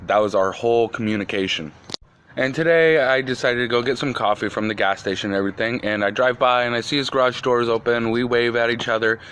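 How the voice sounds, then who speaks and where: A man's voice: mid-range voice, steady tone, fast talker, fairly bright tone, a little hiss or hum. A man telling a casual storytime in a plain, matter-of-fact way.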